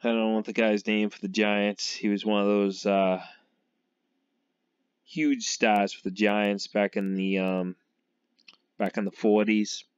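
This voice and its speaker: A man's voice: fairly low pitch, level tone, slow, pauses often, clear, resonant tone, dry recording. A man from Massachusetts rambling through a casual monologue about football, laughing often and trailing off as he talks. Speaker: sports fan vlogger. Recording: dull lo-fi recording.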